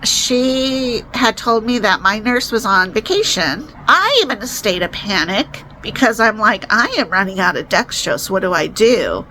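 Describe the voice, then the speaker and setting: A young woman telling a personal story to the camera, emotional and rising into high-pitched distress. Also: expressive, measured pace, hardly any pauses, sharp tone, a little hiss or hum, rough recording. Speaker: vlogger.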